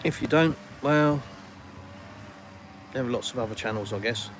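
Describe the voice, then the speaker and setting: A man's voice: medium pitch, moderate pace, slight background noise, poor audio. An English man hosting a casual live stream outdoors in a garden, rambling and colloquial as he reads viewers' comments aloud. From England.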